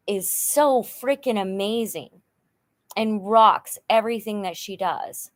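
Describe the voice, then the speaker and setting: A middle-aged woman talking frankly in a personal vlog, rambling with many fillers and sounding frustrated and worn down. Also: medium pitch. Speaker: vlogger.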